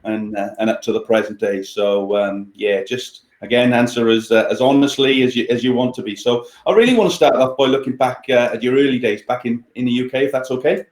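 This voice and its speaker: A Welsh-accented man co-hosting a podcast, asking questions with plenty of pauses and fillers. His pitch is middling. The room gives his voice a clear echo. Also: darkish tone. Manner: hesitant, many fillers. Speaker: podcast co-host. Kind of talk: casual podcast interview.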